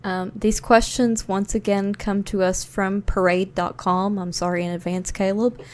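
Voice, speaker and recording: A woman reading trivia questions aloud in a plain, measured way for a podcast. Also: medium pitch, little pitch movement.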